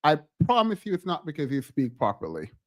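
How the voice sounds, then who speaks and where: A man who grew up outside the US, streaming casual commentary on a show, animated and laughing often as his voice jumps up. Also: fairly high pitch, fairly quick.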